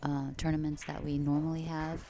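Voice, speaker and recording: A woman with a low, mellow voice co-commentates a billiards stream, chiming in with agreement and easy laughs. A faint hiss sits under the feed. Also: completely flat delivery, a little fast. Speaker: pool co-commentator. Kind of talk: live sports commentary.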